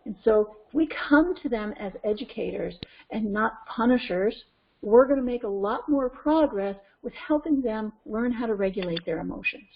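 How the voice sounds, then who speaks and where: A woman parenting coach with a North American accent teaching a webinar in an animated way, acting out scenes. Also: on the high side, normal speed, slight background noise. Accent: North American English. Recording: lo-fi conference call audio.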